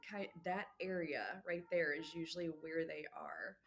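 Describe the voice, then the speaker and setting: A woman's voice: sits low, fairly bright tone, a little hiss or hum. A woman guest who grooms and trains dogs, explaining dog behavior in an enthusiastic casual chat. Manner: enthusiastic, explains in quick loose bursts, laughs easily.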